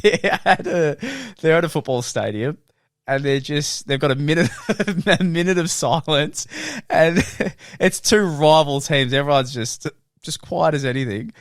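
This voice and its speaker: A man's voice: a little high, a little slow, no room sound, studio quality. A young Australian man co-hosting a podcast, telling sweary stories in casual banter and laughing often. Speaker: podcast co-host.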